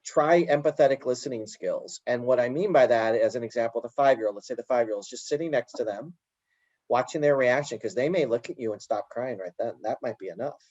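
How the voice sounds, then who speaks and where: A man explaining calmly in an interview, often slipping into little acted-out quotes of parents and children. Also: mid-range voice, brisk, no echo, muffled recording. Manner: animated storyteller acting out little quoted dialogues. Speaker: guest, educator. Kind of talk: conversational interview answer.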